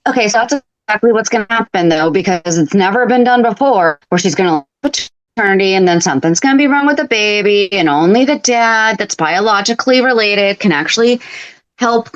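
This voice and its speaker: A woman co-hosting a podcast in casual chat, speculating in quick, chatty bursts. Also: mid-range voice, lively intonation, muffled recording. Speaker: podcast co-host.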